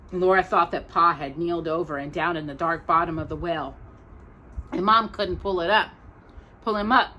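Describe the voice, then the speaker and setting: A woman hosting a storytime, reading a children's novel aloud in a gentle, expressive way. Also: lowish voice, slight background noise. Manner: gentle and expressive, pausing for coughs. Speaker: storytime host.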